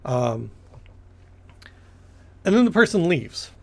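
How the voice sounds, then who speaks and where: A man's voice: fairly high pitch, sing-song, takes it slowly, creaky. A man narrating a tabletop game as game master, rambling with many fillers and restarts.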